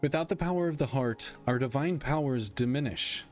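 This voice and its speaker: A man reading aloud the lines of a weary male god-king who speaks dryly and candidly, in a plain, measured voice. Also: mid-range voice, soft background music, pitched above the performer's own voice, natural voice. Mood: solemn.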